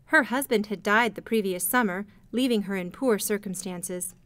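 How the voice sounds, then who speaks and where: Lady reading a christmas-y storybook, calm and measured, dry close sound. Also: mid-range voice, no room sound. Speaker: narrator.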